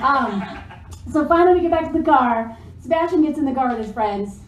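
A woman's voice: sits high, lively intonation, quick pace, a little hiss or hum. A young woman telling a comedic personal story, laughing often and swearing freely, recorded in an echoey room from a distance. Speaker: storyteller guest. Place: live show room.

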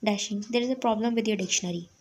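A woman's voice: mid-range voice, rapid-fire, darkish tone, husky. A woman voicing a mocking young best friend. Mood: teasing. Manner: mocking, playful.

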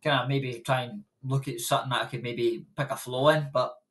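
With a steady, fairly bright medium-pitched voice, the young Scottish boxer speaks fairly quickly. He's chatting loosely as an interview guest, rambling through his stories and laughing often.

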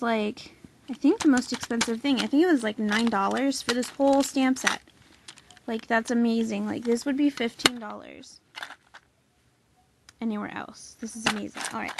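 A young woman filming a casual haul video, gushing excitedly with lots of "like" and "oh my god". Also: sits high, background noise. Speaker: vlogger showing a haul.

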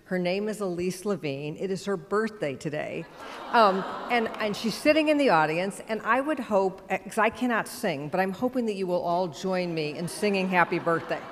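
A woman board chair speaks in a measured, gracious way on a conference panel, often pausing on an "um" or "uh". Her mid-range voice carries a long reverb from the large hall. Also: medium pitch, expressive, a little hiss or hum.

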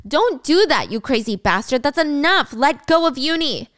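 A woman voicing a frantic, shouting teen boy. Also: high-pitched, very animated, normal speed, no room sound, studio quality, pitched above the performer's own voice. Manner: loud, pleading outbursts. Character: desperate, shouting teenage boy.

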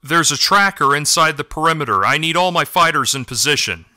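A man playing a gray tabby cat captain who shouts urgent warnings, high and loud. The storybook voice is bright and forceful. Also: expressive, a little fast, no echo, clean studio sound.

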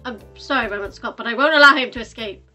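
A woman voicing an eccentric, self-assured female detective who speaks with deadpan certainty. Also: fairly high pitch, quick pace, faint music behind. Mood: commanding.

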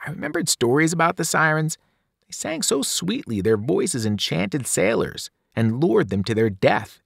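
A teacher reading a novel aloud with drama, his voice rising and falling in a very lively way. The sound is dry and close to the microphone. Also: a little high, normal speed, creaky, slightly rough, dry recording. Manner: dramatic, with whispered and shouted voices. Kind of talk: expressive read-aloud narration.

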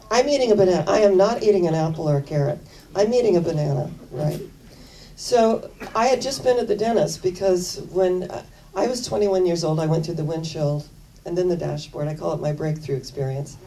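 A woman's voice: low voice, normal speed, dark tone, far from the mic, low-quality recording. An older woman minister giving a sermon, telling personal stories in an earnest, conversational way and repeating phrases for emphasis.

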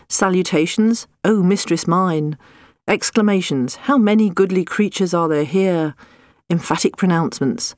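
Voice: mid-range voice, no echo. An audiobook narrator, reading a humorous nonfiction book in a wry, dry comic manner.

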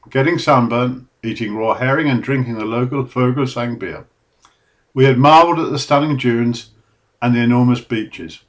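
A middle-aged man from England, reading scripted documentary narration about his own book in a measured, earnest way. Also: mid-range voice, fairly bright tone.

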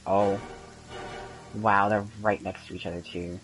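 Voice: sits low, big pitch swings, measured pace, faint music behind, poor audio. A young adult gaming channel host giving casual gameplay commentary, telling stories in a rambling way with lots of ums and sudden bursts of laughter.

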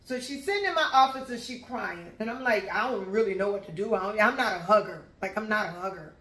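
A woman's voice: mid-range voice, a little fast, roomy sound. A woman telling a long personal story in a casual, conversational way, talking straight to her listeners. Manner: animated, conversational, addresses listeners as y'all.

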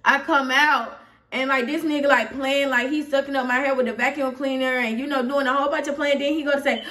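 A young Atlanta woman with a high voice runs through a story in a loose, rambling way, checking in with her listeners again and again. She sounds a little distant from the mic. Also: fairly even intonation, fast talker, a bit bright. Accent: Southern US, Atlanta. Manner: rambling and candid, frequent "you feel me", growing heated. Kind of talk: casual storytime vlog.

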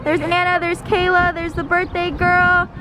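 Bubbly high-voiced teen girl filming outdoors. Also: moderate pace, very noisy. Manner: excited, bubbly. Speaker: friend filming the celebration. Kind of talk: excited casual chat.

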